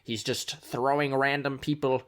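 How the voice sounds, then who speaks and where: A man's voice: mid-range voice, flat delivery, unhurried, fairly bright tone, close to an everyday voice. A man voicing a formal, earnest male rebel contact in a tabletop game, with a stiff, faintly transatlantic delivery. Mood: grave. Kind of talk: tabletop role-play character voice.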